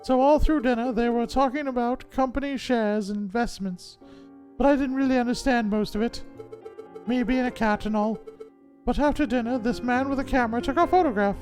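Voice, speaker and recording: A man doing a high, cutesy young cat lady. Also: fairly quick, a little mellow, soft background music. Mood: chatty. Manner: high cutesy girlish voice, sing-song. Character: sweet young female cat heiress, childlike. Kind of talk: voicing game characters.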